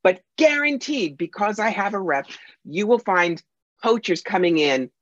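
A woman's voice: medium pitch, lively intonation, measured pace, no room sound. A woman psychic medium as a podcast guest, telling anecdotes in a punchy, emphatic way. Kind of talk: podcast interview, storytelling. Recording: dull lo-fi sound.

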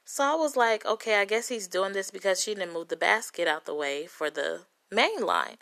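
A woman from Compton, angrily retelling a story in a profane, dramatic, animated way. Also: mid-range voice, moderate pace, vocal fry. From Compton, California. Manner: profane, heated, dramatic retelling with quoted voices. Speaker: vlogger telling a story.

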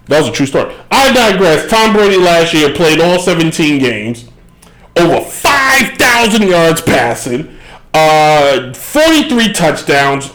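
Man hosting live sports talk, fairly high voice, digressive and self-correcting. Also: big pitch swings, measured pace, a bit bright, rough recording. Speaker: sports show host.

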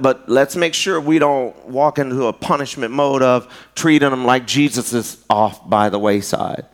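A pastor preaching a sermon in a loose, conversational way, with folksy asides. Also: male voice, mid-range voice, fairly bright tone.

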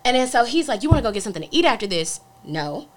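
A young woman in casual podcast chat, an animated storyteller who acts out the dialogue, blunt and profane. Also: fairly high pitch, rapid-fire.

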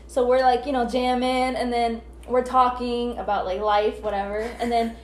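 High-voiced animated young woman. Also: moderate pace. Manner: animated storyteller, acts out quotes with squeals. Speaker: podcast co-host. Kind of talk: casual chat. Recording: echoey room.

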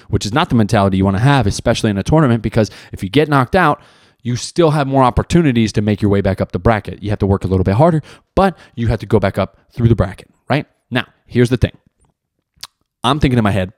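A man, hosting a podcast and telling a story in a profane, animated way, with lots of "right?" and "dude". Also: medium pitch, quick pace, dry recording, clean studio sound. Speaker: podcast host; jiu-jitsu competitor. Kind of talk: casual monologue.

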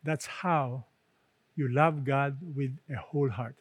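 A man preaching a sermon, emphatic, rising for stress and dropping soft and low at the ends of his phrases. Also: steady tone, slow pace, husky, dry recording. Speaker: pastor.

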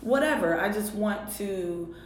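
A woman's voice: mid-range voice, unhurried. Woman, relationship coach, casual podcast talk, playful, slight background hum. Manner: animated, playful banter. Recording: echoey room.

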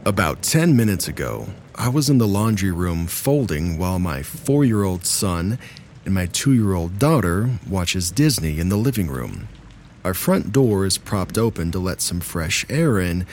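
Male story narrator, thirties, low voice, easygoing delivery. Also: a little hiss or hum. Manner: relaxed and chatty when speaking to listeners. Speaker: narrator of scary stories. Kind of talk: reading submitted stories aloud.

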